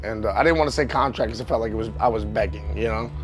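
A man's voice: lowish voice, fast talker, faint music behind. A man, a professional wrestler telling his story in a candid sit-down interview, emotional and rambling. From New York. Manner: emotional, rambling, frequent "you know what I mean".

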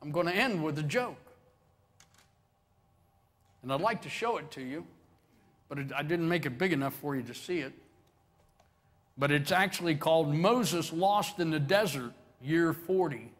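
A man's voice: on the high side, moderate pace, pauses often, big-room sound. A man preaching a sermon as pastor, folksy and joking, building to swelling emphasis on key phrases. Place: church sanctuary.

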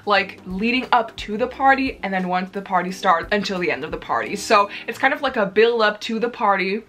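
A woman's voice: mid-range voice, fairly bright tone. Young woman, early twenties, book vlogger; gushy, emotional, laughs a lot. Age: 20s. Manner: gushing and emotional, laughs often. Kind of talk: casual reading vlog.

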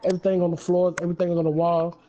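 A man's voice: high-pitched, flat delivery, rapid-fire, dark tone, a little hiss or hum. A young man chatting while gaming and telling a rambling, made-up bedtime story to a kid. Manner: laid-back, rambling storyteller. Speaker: gamer and storyteller. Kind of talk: casual chat while gaming, improvised story.

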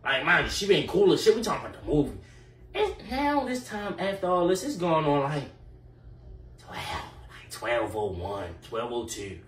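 A man telling a casual storytime in an animated, slangy way full of fillers and profanity. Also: a little high, moderate pace. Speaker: storyteller vlogger. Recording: echoey room, mic at a distance, faint noise.

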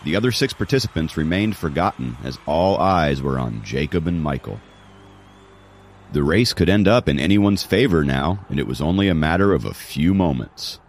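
A man's voice: extremely low pitch, lively intonation, normal speed. A man narrating an audiobook in a dramatic storytelling manner. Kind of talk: scripted narration.

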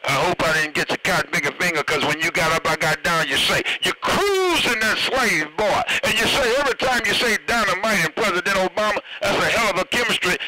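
A man's voice: high-pitched, noisy background. A man teasing and joking over a CB radio, signing off his turns with radio lingo. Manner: joking, teasing, signs off with "break, break". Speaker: CB radio operator. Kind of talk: CB radio chatter.

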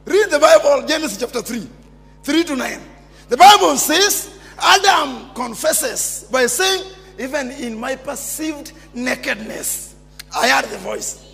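A man preaching a sermon as pastor, calling out to the congregation and often shouting. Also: extremely high pitch, expressive, unhurried, gravelly, faint music behind. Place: church hall. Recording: reverberant church hall.

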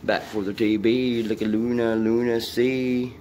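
A man's voice: mid-range voice, flat delivery, moderate pace, a little mellow, slight background noise. A man vlogging in a rambling, profane way, coaxing and talking to an unseen presence and his dog.

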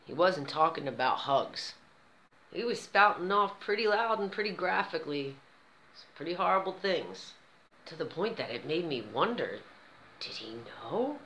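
A woman's voice: low voice, expressive, normal speed, a bit bright, echoey room, slight background noise, low-quality recording. An American woman telling a personal story in a conversational vlog style, with an American accent. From United States. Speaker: vlogger.

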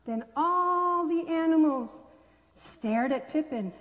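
A woman gently and expressively reading a children's story aloud in a church worship service. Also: high-pitched, slow, big-room sound.

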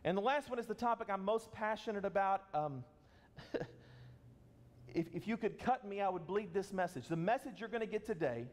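Man, pastor, high-pitched, earnest conversational preaching, sermon, long hall reverb. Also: animated, moderate pace.

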